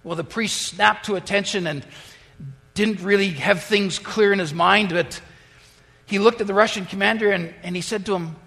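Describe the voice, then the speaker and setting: A pastor preaching a sermon and telling a story, with frequent fillers and restarts, in a church sanctuary. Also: male voice, high-pitched, quick pace, creaky, a bit bright. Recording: long church reverb.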